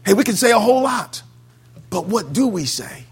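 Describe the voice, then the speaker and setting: Male preacher, high voice, fervent sermon, amen after amen. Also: very animated, moderate pace, husky. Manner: swings from loud exclamation to quiet asides.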